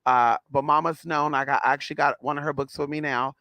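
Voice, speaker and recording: A man's voice: a little high, fairly even intonation, quick pace, pushed and bright, no echo. A man telling a story to his viewers in a sassy, blunt, casual way, calling them girl and honey. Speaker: spiritual vlogger.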